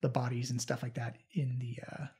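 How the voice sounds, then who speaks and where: A man narrating as game master of a tabletop game, in halting, filler-heavy talk. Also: medium pitch, little pitch movement, dark tone, breathy edge.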